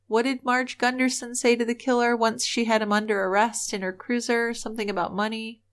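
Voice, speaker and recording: A woman's voice: a little high, little pitch movement, a little fast. A woman co-hosting a true-crime podcast, telling the case in an earnest, opinionated way. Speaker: podcast co-host. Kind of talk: casual true-crime storytelling.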